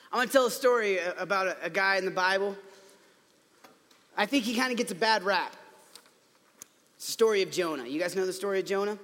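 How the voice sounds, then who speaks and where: A man preaching a casual, conversational sermon, telling the story chattily with playful asides and quick restarts. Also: sits high, bright, forceful tone. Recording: long hall reverb.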